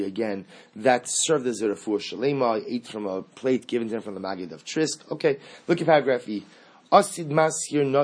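Husky-voiced man teaching a text class. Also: medium pitch, a little mellow. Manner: earnest, repeats phrases, reads aloud then explains. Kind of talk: text study lecture, reading and translating.

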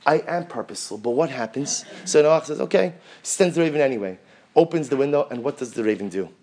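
A man, a rabbi, giving an animated Torah class full of rhetorical questions and Hebrew terms. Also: medium pitch, fast talker. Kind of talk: sermon-style Torah class.

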